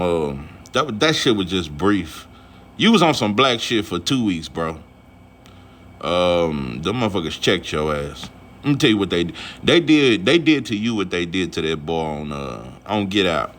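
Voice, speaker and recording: A man's voice: deep voice, a bit bright, slight background noise. A man vlogging about boxing in a casual, rambling, profane rant full of fillers.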